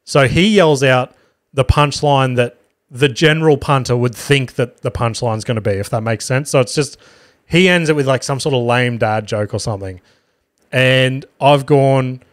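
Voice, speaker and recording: A man's voice: medium pitch, lively intonation, normal speed, dry recording, clean studio sound. An Australian man, a podcast host and comedian, telling a rambling story in casual talk, swearing freely and correcting himself as he goes.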